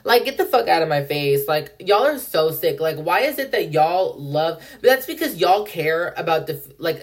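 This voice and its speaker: A young woman hosting a solo podcast, ranting in a heated, profane way and saying "like" constantly. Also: low-pitched. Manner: heated, profane, heavy use of "like". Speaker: podcast host.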